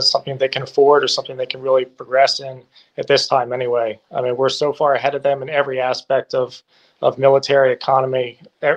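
A man answering interview questions from abroad, speaking in an assertive, analytical way. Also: medium pitch. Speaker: guest reporting from a war zone. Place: remote from abroad.

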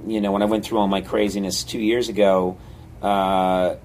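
A man, a comedy writer, in casual chat, telling rambling, animated stories with many fillers. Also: low voice, normal speed, a little hiss or hum.

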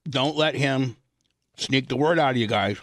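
A man's voice: mid-range voice, moderate pace, no room sound, studio quality. Teasing man hosting radio banter. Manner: teasing, keeps steering the talk. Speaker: radio show host.

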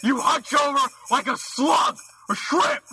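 High, gravelly man screaming insults. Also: measured pace. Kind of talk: ranting comedic voicemail. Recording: played back with jingle music.

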